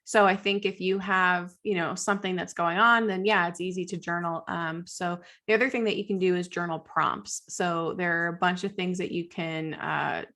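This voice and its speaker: A woman co-hosting a podcast in casual chat, a school counselor who talks quickly in loose sentences full of "like" and laughs often. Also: fairly low pitch, fairly even intonation, pushed and bright. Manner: chatty, peppered with "like", laughs often.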